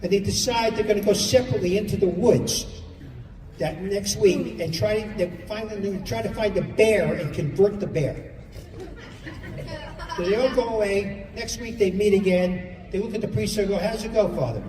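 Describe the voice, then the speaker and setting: A man's voice: sits high, a little mellow. A male stand-up comedian rattling off classic jokes one after another, coaxing the audience to remember them. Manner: rapid-fire classic joke telling, coaxing the audience. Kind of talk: stand-up joke set. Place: live event hall with audience. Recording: distant mic in a reverberant hall with crowd. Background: audience laughter and room ambience.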